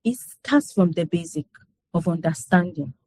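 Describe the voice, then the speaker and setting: A woman's voice: on the low side, normal speed, warm tone, no room sound. A woman talking casually to a group about parenting, often checking in with "do you understand" and laughing as she tells stories. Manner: conversational, repeats herself, frequent "you know" and "do you understand". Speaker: parent speaker in a parenting session.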